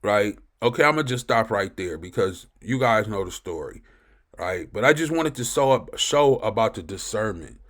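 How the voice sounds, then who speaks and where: A man's voice: fairly low pitch, expressive, moderate pace, a bit bright. A man reading scripture aloud and commenting on it in an emphatic teaching style, often checking in with "right?" between verses.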